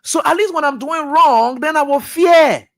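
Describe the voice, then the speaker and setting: A man hosting a radio talk show, giving impassioned political commentary that swings from loud outbursts to low muttering. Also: normal speed, vocal fry. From Liberia. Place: radio studio.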